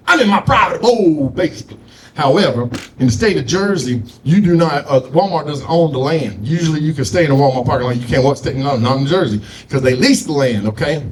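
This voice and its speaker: A man's voice: mid-range voice, a little hiss or hum. A man doing a stand-up comedy set, telling loose stories with frequent asides to the crowd. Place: comedy showcase stage.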